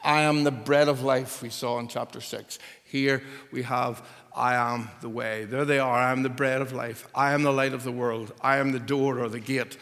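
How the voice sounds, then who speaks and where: A man preaching a sermon, emphatic and building to forceful repeated declarations. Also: medium pitch, little pitch movement, moderate pace, big-room sound.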